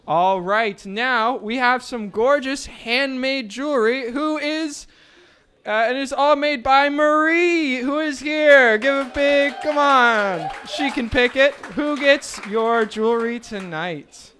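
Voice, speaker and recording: High-voiced, bright, joking male emcee. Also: slow pace, a little hiss or hum. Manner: joking, playful banter with the crowd. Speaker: raffle emcee at a fundraiser event. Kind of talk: live event announcing. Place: indoor event venue with a live audience.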